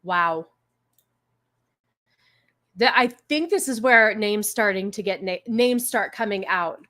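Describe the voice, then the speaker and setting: A woman's voice: mid-range voice, lively intonation, takes it slowly, pauses often, sharp tone. A woman hosting a stream, chatting casually and reacting bluntly with swearing and exclamations. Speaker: stream host. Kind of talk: casual chat reacting to a book summary.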